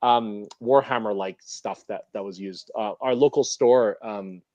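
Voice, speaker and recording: A man's voice: fairly low pitch, unhurried, a little mellow, no room sound, lo-fi sound. A man from Canada, a guest in a casual interview, talking animatedly with lots of fillers. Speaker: interview guest, model builder.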